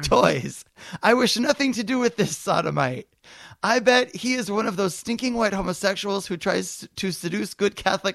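A man's voice: high voice, creaky, fairly bright tone, no room sound, exaggerated voice. A man doing a melodramatic outraged mother. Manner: melodramatic, exclamatory. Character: indignant middle-aged mother refusing a gift.

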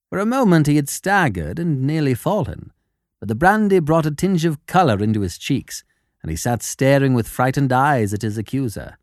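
A man reading a classic story aloud as a narrator, with expressive storytelling. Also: medium pitch, normal speed, no echo, studio quality. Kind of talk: scripted narration.

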